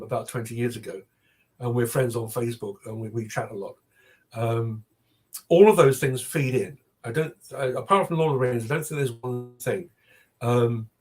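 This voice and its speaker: Older man, husky; chatty guest storyteller. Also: mid-range voice. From South London. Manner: anecdotal, hesitant with many ums. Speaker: literary agent guest. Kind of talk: casual interview chat.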